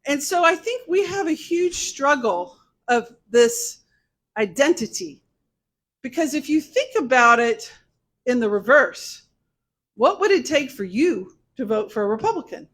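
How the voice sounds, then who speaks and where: A woman speaking to a local political meeting, telling lively stories and acting out both sides of conversations. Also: high-pitched, measured pace. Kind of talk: speech to a local political group.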